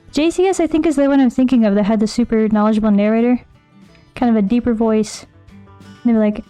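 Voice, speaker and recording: Mellow-voiced woman chatting while streaming. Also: fairly high pitch. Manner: rambling, chatty, thinks aloud and answers chat. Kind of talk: casual live-stream chat while playing.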